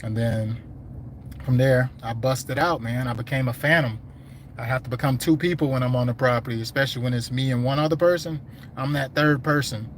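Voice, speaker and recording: A man's voice: mid-range voice, steady tone, brisk. Laid-back slangy man driving his truck. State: hungry and losing his voice. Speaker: landscaping business owner. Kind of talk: casual livestream chat. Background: faint vehicle road noise.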